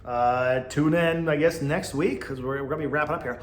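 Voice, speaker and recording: A man's voice: brisk, few pauses. Chatty man ranting in an echoey room. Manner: chatty and gossipy, swinging between loud outbursts and mumbled asides; mocking, mimics others in a high whiny voice. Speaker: podcast host. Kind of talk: casual solo podcast rant. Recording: echoey room with faint background noise.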